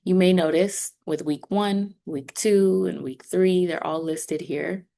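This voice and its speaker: A woman's voice: fairly low pitch, steady tone, takes it slowly, creaky, warm tone. A woman speaking for a sign language instructor, walking students through an online course in an upbeat, conversational way. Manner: conversational, upbeat, explaining step by step. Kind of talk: online class walkthrough.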